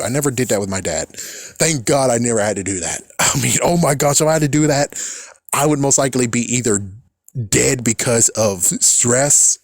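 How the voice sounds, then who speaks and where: Young guy ranting thru a reaction vid, swears a lot, laughs, average pitch, dry no-room sound. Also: dry recording. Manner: loose, profane, rambling with frequent laughs. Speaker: reaction video host. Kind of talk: casual reaction commentary.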